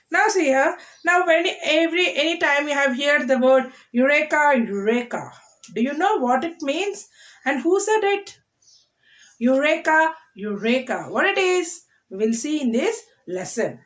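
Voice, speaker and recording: A woman teacher explaining a lesson to children, repeating words slowly for them to copy. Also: high-pitched.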